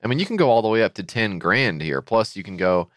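Podcast guy with a really deep voice, dry sound, sarcastic and amazed at everything. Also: expressive, fast talker, no echo. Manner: sarcastic, incredulous riffing. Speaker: podcast co-host. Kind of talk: casual comedic chat.

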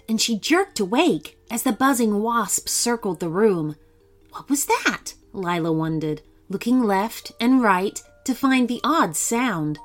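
A woman reads a bedtime story aloud at a slow, unhurried pace, her voice rising and falling with lively expression. Soft music plays faintly behind her. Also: mid-range voice. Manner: slow, expressive, dramatic reading. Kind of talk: children's story narration.

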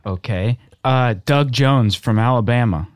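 A man with an average-pitched voice chimes in on a comedy podcast, offhand and going along with the joke. The sound is dry and close. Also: a little slow, no echo. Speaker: podcast co-host. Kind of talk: casual comedic chat.

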